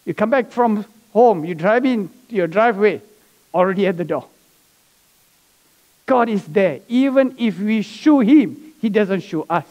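Brief: male pastor, high-pitched voice, church sermon, story-led delivery. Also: expressive, measured pace. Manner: preaching with asides and soft laughs. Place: church sanctuary.

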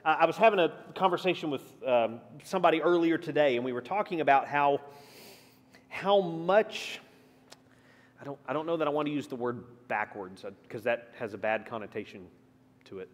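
A pastor with a fairly high voice leads a midweek church class, teaching the Bible conversationally at a fairly quick pace. He's lively, shifts his emphasis, and keeps firing questions at the class, while the hall gives his voice a long reverb.

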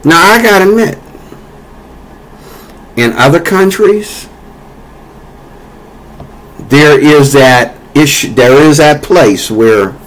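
On a rough recording, a vlogger from the United States speaks in a voice on the high side, a bit bright, with lively intonation. He goes slowly and pauses often while ranting about politics in a rambling, repetitive, filler-heavy way that turns heated.

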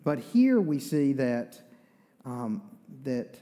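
A pastor with an Eastern North Carolina accent preaches a sermon in a church sanctuary, folksy and conversational, with asides. His medium-pitched, mellow voice is very animated yet very slow. The church hall gives it a long reverb.

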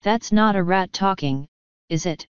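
A woman reading an audiobook, voicing a blunt, sharp-tongued young girl who speaks with scorn. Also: medium pitch, unhurried, clean tone, dry recording, lo-fi sound, natural voice. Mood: scornful.

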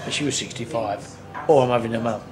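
A man's voice: medium pitch, quick pace, music in the background. A man telling a rambling, earthy anecdote, swearing and acting out what people said. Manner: rambling, earthy storyteller who swears and acts out quotes. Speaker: tribute band singer. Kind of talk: casual anecdote. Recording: noisy on-location recording.

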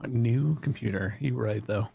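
A man's voice: medium pitch, normal speed, creaky, warm tone, husky. A man co-hosting a casual gaming podcast, joking around in a playful, crude way. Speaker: podcast co-host. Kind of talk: casual chat while gaming.

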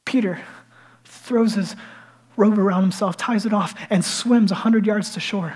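A male pastor delivering a sermon in a lively, storytelling manner. He speaks conversationally, letting his voice drop low and rise loud as the story moves. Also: unhurried, breathy edge. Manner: animated storytelling, swinging between hushed and loud.

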